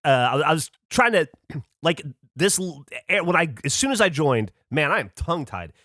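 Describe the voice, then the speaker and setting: A man's voice: fairly high pitch, very animated, normal speed, bright, forceful tone, no room sound, clean studio sound. A tired man co-hosting a podcast, teasing his friends while telling stories in casual chat. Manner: teasing storyteller. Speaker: podcast co-host.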